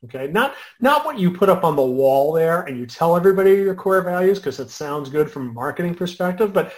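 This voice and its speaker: A man hosting a conversation, telling a workplace story in a lively, conversational way. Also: sits high, fairly quick, rough recording. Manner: lively storyteller, shifts loudness often. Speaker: podcast host and business consultant.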